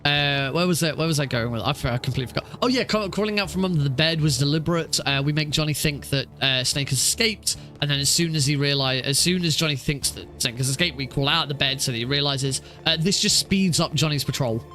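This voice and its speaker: A man's voice: on the high side, fast talker, few pauses, bright, forceful tone, faint music behind. A young man streaming a speedrun, explaining tricks in a rambling way with many fillers and restarts. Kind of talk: live stream game commentary.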